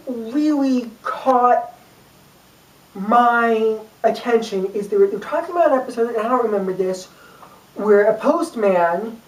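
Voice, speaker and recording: A woman's voice: on the high side, darkish tone. A young woman vlogging casually to camera, rambling and chatty with lots of fillers and little jokes. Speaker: YouTube vlogger. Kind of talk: casual talk to camera about a book. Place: room, filmed by a camera person. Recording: echoey room from far off.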